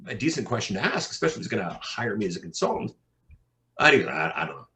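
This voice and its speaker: A man, a podcast consultant, telling animated anecdotes in an interview, often repeating his words as he goes. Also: lowish voice, quick pace. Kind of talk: interview storytelling.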